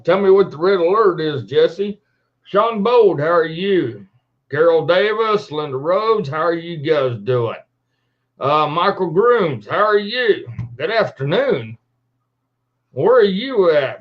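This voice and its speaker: A folksy man hosting a livestream from his home computer, drawling slowly in a slightly high voice. He greets his viewers one by one by name, and the audio has the dull, muffled sound of a cheap computer mic. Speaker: livestream host. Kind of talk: casual live-stream chat.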